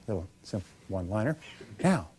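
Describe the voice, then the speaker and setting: A man's voice: on the low side, big pitch swings, fairly quick, warm tone, a little hiss or hum. A man giving a motivational seminar talk, emphatic, asking rhetorical questions and having the audience repeat his lines. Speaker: motivational speaker.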